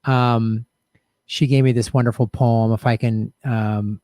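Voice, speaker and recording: A man hosting a show offers relaxed, rambling, reflective commentary to his live chat, peppered with fillers and restarts. He speaks unhurriedly in a mellow, medium-pitched voice with little pitch movement. There's no room sound in the recording.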